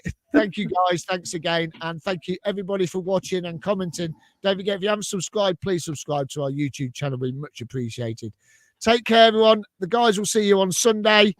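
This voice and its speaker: A man's voice: high voice, fairly quick. A man hosts a live fan stream. He speaks in an upbeat way and plugs upcoming events. The sound is dry and close, with no room echo. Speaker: host of a fan channel live show.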